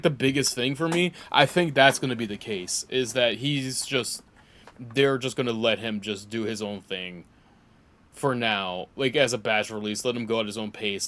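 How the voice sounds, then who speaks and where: A man streaming a video game, chatting casually and reacting excitably, swearing when surprised. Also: lowish voice. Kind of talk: casual gameplay commentary.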